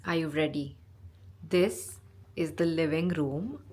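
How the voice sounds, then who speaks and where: Excitable woman vlogging with a cold. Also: low-pitched, slow pace. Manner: chatty, excitable, gushing. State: has a cold and sore throat. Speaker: travel vlogger. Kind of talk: casual travel vlog. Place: hotel room.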